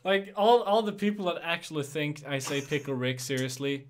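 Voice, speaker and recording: A man's voice: fairly high pitch, steady tone, normal speed, slight background noise. A young man hosting a casual podcast, rambling through explanations with lots of fillers and restarts. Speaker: podcast host. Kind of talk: casual chat.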